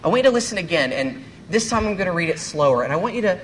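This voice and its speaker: A man delivers a sermon to a church congregation, earnest and measured, asking rhetorical questions as he goes. His voice sits a little higher than most men's. A faint hiss lies under the recording. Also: lively intonation, fairly bright tone. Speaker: pastor.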